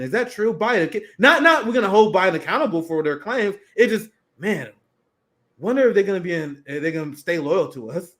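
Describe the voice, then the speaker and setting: A man's voice: sits high, big pitch swings, normal speed, a bit bright. A man in his thirties co-hosting a political show, reading headlines aloud and mocking them with sardonic, profane asides. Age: 30s. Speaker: podcast co-host. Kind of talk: casual political commentary.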